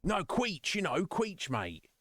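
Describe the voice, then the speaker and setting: A man voicing a puzzled older customer who keeps insisting on an item he mispronounces, in a raised pitch. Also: normal speed, fairly bright tone, no echo, close to an everyday voice. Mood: insistent.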